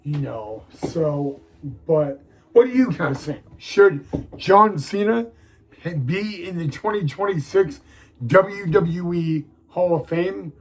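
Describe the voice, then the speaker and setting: A young man hosting a wrestling vlog, talking haltingly to viewers with many restarts and near tears. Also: sits high, lively intonation, poor audio. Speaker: wrestling video host. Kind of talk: casual vlog talk to viewers.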